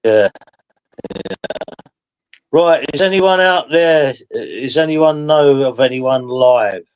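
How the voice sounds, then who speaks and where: A man's voice: mid-range voice, lively intonation, slow, slight background noise. He is a man hosting a live stream who chats casually, rambles through his stories and laughs along as he goes. The sound is dull and lo-fi. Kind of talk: casual chat.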